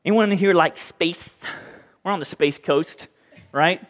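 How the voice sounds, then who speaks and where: A man preaching a sermon as pastor, lively, often acting out the voices of people in the story. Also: sits high, unhurried. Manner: animated, acts out voices in the story. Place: church sanctuary. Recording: hall reverb.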